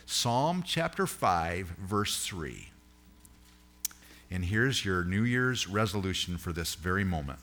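A man preaches a sermon with a somewhat low voice, earnest and personal. He swings between emphatic, rising peaks and quiet, intimate asides to his congregation. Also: very animated, slow pace. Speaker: pastor.

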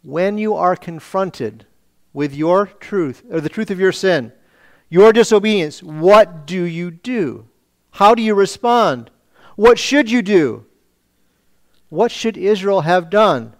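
A man's voice: high voice, expressive, slow pace. A man preaching a sermon, asking rhetorical questions and reading scripture aloud. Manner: preaching with rhetorical questions, acting out voices of the people. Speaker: pastor.

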